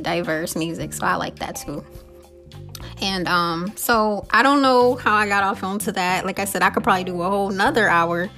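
A woman's voice: mid-range voice, pushed and bright. A woman hosting a podcast in a casual, reflective monologue, chatty and conversational, often laughing and repeating phrases. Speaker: podcast host.

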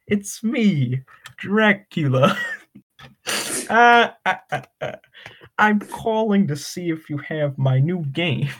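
A young man doing a giggly high-pitched vampire. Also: expressive, extremely slow, long pauses, fairly bright tone, full character voice. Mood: silly. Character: vampire count phoning about a game.

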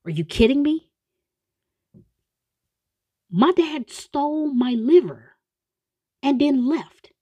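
An exasperated middle-aged man in full indignant rant, as a woman puts him on. The voice rides up high and pushes louder, swinging through a lively range. It is recorded close and dry. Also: moderate pace, slightly rough, no room sound. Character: fed-up middle-aged man ranting about betrayal.

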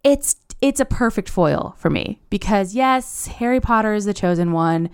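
A woman's voice: medium pitch, expressive, moderate pace, clear, resonant tone. A young adult woman hosting a podcast in a casual monologue, gushing and chatty with a rambling flow. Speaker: podcast host.

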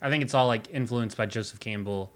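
A man talking through his take on a song in a relaxed podcast chat. His speech is analytical yet loose, full of "like" as he builds his point, at an ordinary middle pitch. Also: brisk. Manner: analytical, heavy use of "like". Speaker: podcast co-host. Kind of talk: casual music discussion.

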